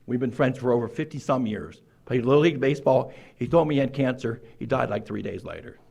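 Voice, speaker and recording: A man in his sixties telling his own recovery story to a meeting, acting out quoted lines with sudden jumps in pitch and loudness. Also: quick pace, vocal fry. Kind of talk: personal recovery story told to a group.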